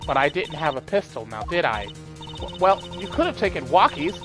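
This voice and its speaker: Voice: mid-range voice, very animated, normal speed, close to an everyday voice. A game player voicing a cold, scheming young woman who taunts with sneering remarks, over game music. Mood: mocking.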